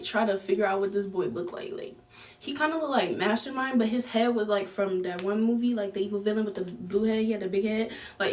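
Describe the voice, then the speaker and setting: A young woman vlogger telling a story in casual chat, slangy and animated, with lots of fillers. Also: medium pitch, recorded from a distance.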